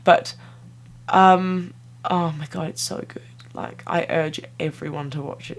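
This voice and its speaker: A young woman talks straight to her viewers in a loose, rambling vlog, giggling as she goes. Her voice sits a touch low for a woman, and she hops from one thought to the next in an easy, chatty flow. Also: moderate pace, creaky. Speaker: vlogger. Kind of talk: casual vlog chat to camera.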